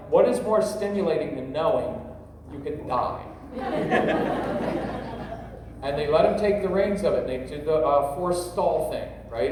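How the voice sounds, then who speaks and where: A middle-aged man giving a humorous, rambling parenting workshop to a live audience, joking and talking straight to the crowd. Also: medium pitch. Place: large convention hall. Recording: echoey hall, voice from a distance, faint noise.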